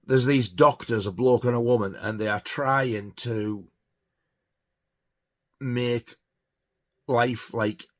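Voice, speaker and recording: A man's voice: medium pitch, takes it slowly, long pauses. A man giving a casual, rambling film review, hesitant with many fillers. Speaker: film collector reviewing horror films.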